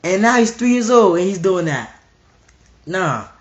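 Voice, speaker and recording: A man's voice: high voice, sing-song, unhurried, echoey room, lo-fi sound. A man preaching an emphatic, repetitive monologue full of rhetorical questions.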